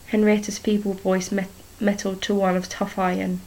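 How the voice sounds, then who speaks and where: Woman narrator, story chapter read aloud; flat delivery, gravelly tone. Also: mid-range voice, moderate pace, rough recording. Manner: even, steady reading with small restarts.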